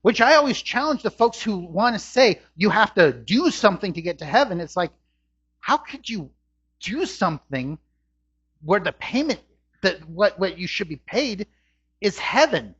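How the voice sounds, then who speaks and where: A man preaches a sermon from a church, his husky voice swinging widely in pitch and climbing on his rhetorical questions. The recording sounds dull and lo-fi. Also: big pitch swings, moderate pace, fairly bright tone. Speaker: pastor. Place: church sanctuary.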